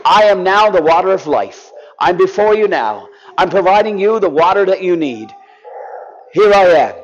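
Male preacher, fairly high voice, earnest sermon delivery that swells and then drops to a hush; dull lo-fi recording. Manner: impassioned, drops to soft pleading. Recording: dull lo-fi sound.

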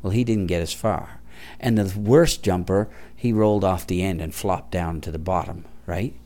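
A middle-aged male pastor preaching a conversational sermon, often dropping to a hushed voice for prayers. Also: deep voice, normal speed.

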